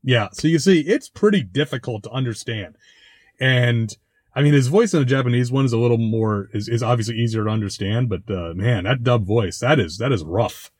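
A man's voice: mid-range voice, a little fast, husky, no echo. A man hosting a casual commentary, reviewing a TV episode in a wry, chatty way with frequent restarts and dry asides. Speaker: podcast host reviewing a TV episode.

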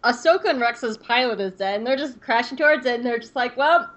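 Excited young woman recapping with laughs. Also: fairly high pitch. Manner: laughs often, quick and excited. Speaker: podcast co-host. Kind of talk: casual chat and episode recap.

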